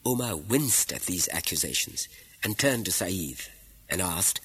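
A man narrating a story in an expressive, measured way. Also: sits low, slightly rough, no echo, rough recording. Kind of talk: scripted narration.

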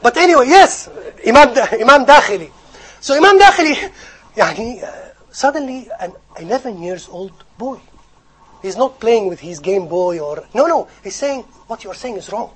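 A man giving a sermon, telling stories in an animated, joking way to his audience. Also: very high voice, moderate pace, husky, rough recording. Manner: animated storytelling with jokes. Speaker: Islamic preacher.

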